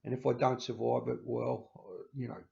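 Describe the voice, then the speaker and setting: A man hosting his own vlog, talking in a halting way with many restarts and stammers and sounding emotional. He records on a handheld camera. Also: medium pitch, fairly even intonation, gravelly, a little mellow. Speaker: channel host. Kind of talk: casual farewell vlog. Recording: slightly dull lo-fi recording.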